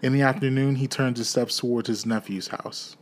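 A man's voice: medium pitch, fairly even intonation, fairly quick. Man reading a classic story aloud. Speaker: audiobook reader.

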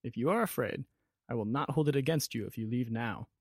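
A man voicing an excitable, fond wizard who gives urgent, rising warnings. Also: mid-range voice, brisk, no echo, clean studio sound, natural voice. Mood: earnest.

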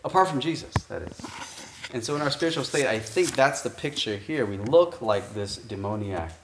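Pastor thinking aloud in an echoey room. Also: male voice, mid-range voice, animated, moderate pace, noisy background. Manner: thinks aloud, asking rhetorical questions and checking in with "okay?". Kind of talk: conversational expository sermon.

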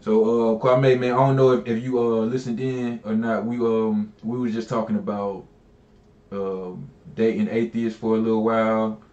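A man's voice: fairly low pitch, little pitch movement, normal speed, darkish tone, echoey room, lo-fi sound. A man hosting a casual call-in podcast, talking in a laid-back, joking way. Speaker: podcast host.

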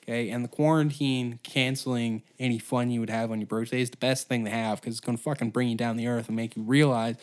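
A man's voice: mid-range voice, steady tone, fast talker, few pauses. Twenties male podcast host with a profane, sarcastic rant. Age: 20s. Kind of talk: solo comedy podcast rant.

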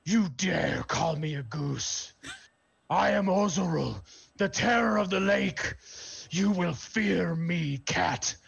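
A man's voice: high voice, lively intonation, takes it slowly, vocal fry, breathy edge, dull audio, pitched above the performer's own voice, exaggerated voice. A man voicing a haughty smoky lake spirit. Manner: loud, proud declaration. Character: smoky blue lake spirit, arrogant and menacing.

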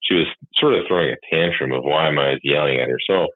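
A man with a very deep, husky voice chats in a measured, reflective manner, sometimes flat and mumbling. The sound is dry and thin, like a phone line. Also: no room sound. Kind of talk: casual chat.

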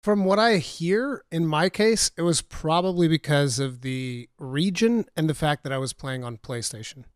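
A man's voice: fairly high pitch, lively intonation, moderate pace, dry recording, clean studio sound. A laid-back man hosting a podcast, chatting casually and laughing often. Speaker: podcast host. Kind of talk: casual chat.

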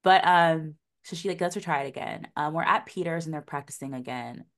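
A woman's voice: low-pitched, a little fast. A young woman casually recapping a TV episode, full of "like" and "um", laughing often and acting out the characters' lines. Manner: animated, acts out characters' lines mid-story; laughs often, many likes and ums. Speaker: podcast co-host recapping a TV episode. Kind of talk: casual chat.

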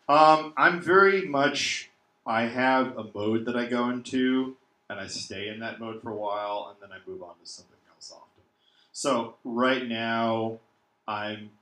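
Rambling tipsy man in an echoey room. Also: medium pitch. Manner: rambling, excitable. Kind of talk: casual chat.

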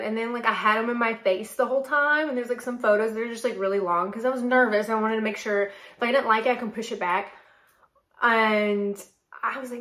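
A woman in her late twenties from North Carolina, hosting a podcast and telling a story in a chatty, animated way full of "like". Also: a little high, normal speed, roomy sound. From North Carolina, USA. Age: late 20s. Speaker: podcast host and model. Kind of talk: casual solo chat.

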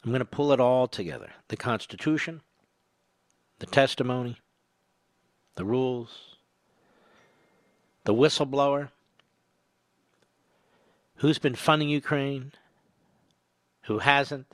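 A man's voice: medium pitch, slow, long pauses, dry recording. Combative older male talk radio host. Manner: combative, sarcastic, builds to emphatic peaks. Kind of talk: political talk radio monologue. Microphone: studio microphone.

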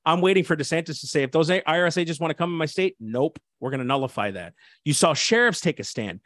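Assistant pastor guest, fervent and preachy, light higher voice, dry close sound. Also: male voice, lively intonation, fast, fairly bright tone, dry recording. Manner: fervent, preachy, frequent restarts and "dude". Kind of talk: impassioned interview talk.

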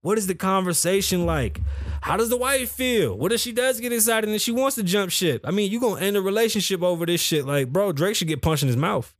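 Man, podcast host, animated, profane, slightly high voice, dry close studio mic. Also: no echo. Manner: animated, profane, rapid swings between loud and low. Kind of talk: solo livestream podcast commentary. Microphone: studio microphone.

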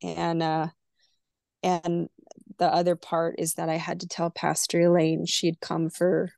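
A woman from California tells her own story as a podcast guest, slipping into the voices of the people she quotes. Her voice sits low and gravelly. The mic is close and the sound is dry. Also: completely flat delivery, a little slow, a little mellow, no echo. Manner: candid, emotional, acts out quoted dialogue. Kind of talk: personal storytelling in a podcast interview.

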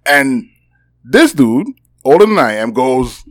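A man co-hosting a podcast, telling stories in animated casual chat. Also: medium pitch, takes it slowly, dry recording, clean studio sound. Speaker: podcast host.

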